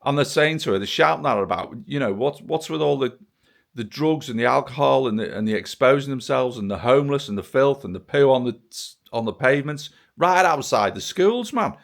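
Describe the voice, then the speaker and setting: A man's voice: medium pitch, expressive, fairly quick, vocal fry. A British man in a profane, sarcastic political rant, filming himself and talking straight to the camera. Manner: angry, sweary, sarcastic ranting. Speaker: vlogger. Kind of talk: ranting political monologue to camera.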